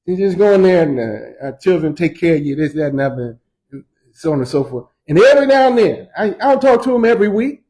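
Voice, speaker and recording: A pastor teaching a Sunday school class in a church. He speaks in a high, swooping voice that rises and falls with great animation. His delivery is folksy and full of slang, and he circles back over phrases again and again for emphasis. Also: quick pace, poor audio. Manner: lively, folksy preaching with slang and repetition.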